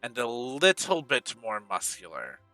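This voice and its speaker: A man narrates a tabletop game as its game master, describing scenes in detail. His tone is very bright, and he speaks slowly, with frequent pauses and fillers. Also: mid-range voice, wildly swooping pitch, far from the mic, faint music behind.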